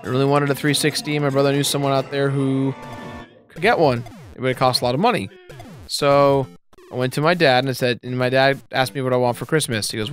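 A man's voice: mid-range voice, steady tone, fairly quick. A man in his twenties co-hosting a gameplay video, telling a rambling anecdote with casual commentary. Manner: rambling anecdotal storytelling, laughs at own punchlines. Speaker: let's play co-host. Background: faint game music.

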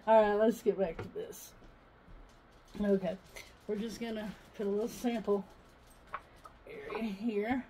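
A woman's voice: mid-range voice, steady tone, a little slow, pauses often, warm tone, a little hiss or hum, low-quality recording. A woman chatting casually in a home vlog while working on a countertop, rambling and laughing as she tells stories. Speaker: vlogger. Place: mobile home, indoors.

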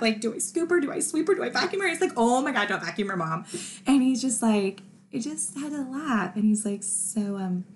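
A woman's voice: medium pitch, vocal fry. A woman YouTuber in her thirties talking emotionally to her viewers, laughing through grief. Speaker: true crime YouTuber. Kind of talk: personal vlog talk to camera.

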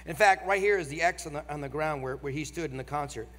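A man with a nasal voice and a Northern American accent, preaching a sermon with emphasis, slowing down for key phrases. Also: fairly high pitch, fairly bright tone. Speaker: guest preacher. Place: large church auditorium. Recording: long hall reverb.

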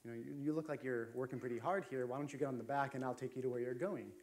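A man's voice: medium pitch, fairly even intonation, rapid-fire, a little mellow, lightly acted. A man voicing a friendly, helpful male farmer in a sermon anecdote, easygoing and encouraging.

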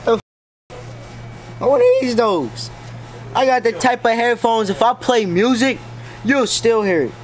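Man, high and lively, defensive joking protests, noisy room. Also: normal speed. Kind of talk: casual banter. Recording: noisy background.

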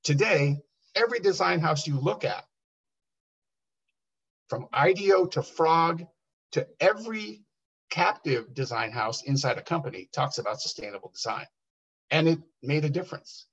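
Man telling a lively story. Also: fairly high pitch, moderate pace, pauses often, breathy edge. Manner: animated, quotes people in lively bursts. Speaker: workshop speaker. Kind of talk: storytelling talk. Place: workshop room. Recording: dull lo-fi workshop recording.

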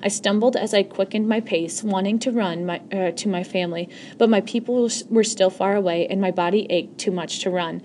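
A woman's voice: mid-range voice, steady tone, a little fast, hardly any pauses, a little mellow, slight background noise. A woman reading a first-person novel aloud in an earnest voice, often stumbling and correcting herself. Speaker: audiobook reader.

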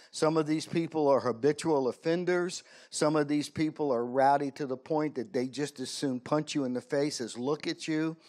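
A male pastor preaching a sermon, telling a story in an animated way with self-deprecating humor. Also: a little high. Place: church sanctuary.

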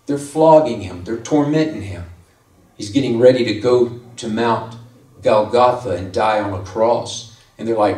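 A man's voice: fairly low pitch, a little slow, darkish tone. A man preaching a conversational sermon as pastor, lifting his voice to stress key points. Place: church sanctuary. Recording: echoey room from far off.

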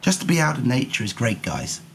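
A young man streaming a game with commentary, hoarse from illness, goofy and quick to shrill yelps. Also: huge pitch swings.

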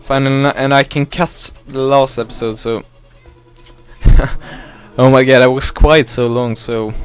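A man's voice: mid-range voice, clear, resonant tone. A man giving casual, rambling commentary while playing a video game, often swearing and apologizing. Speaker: let's play gamer. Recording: faint game music behind.

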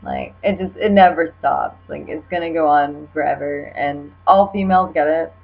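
A woman's voice: low voice, normal speed, gravelly, soft background music. A young woman, slightly tipsy, giving casual comedic commentary in a rambling, filler-heavy, wry way. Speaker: video creator. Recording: dull lo-fi recording with mains hum.

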